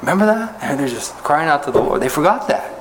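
A man pastor preaching an expository sermon, talking conversationally with the congregation, often asking rhetorical questions and rising in pitch to stress a point. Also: fast, slight background noise, poor audio. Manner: animated rises in pitch when making a point.

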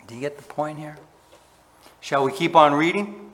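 A man preaching a sermon, asking his listeners questions and swinging between loud emphasis and quiet, low asides. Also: moderate pace, pauses often. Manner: asks the congregation questions. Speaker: pastor. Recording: long hall reverb.

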